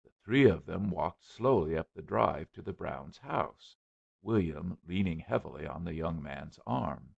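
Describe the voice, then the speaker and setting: Male audiobook narrator, husky, lively intonation, muffled recording. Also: sits low. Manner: measured storybook narration. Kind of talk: scripted narration. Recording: dull lo-fi recording.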